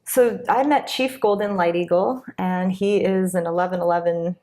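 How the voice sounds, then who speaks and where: A woman's voice: on the low side, fairly even intonation, moderate pace, dark tone. A woman, a Reiki master, speaking as a guest in a casual interview, open and heartfelt, often rambling with filler phrases. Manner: open, heartfelt, rambling with many "you know"s.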